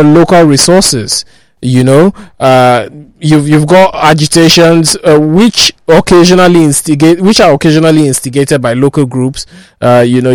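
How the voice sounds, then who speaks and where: This is a man, hosting a spoken discussion. His voice sits fairly high for a man, and it comes through dry and close. He talks haltingly, stacking up fillers and false starts. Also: dry recording, rough recording. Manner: halting, many fillers and restarts. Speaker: host. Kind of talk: casual discussion.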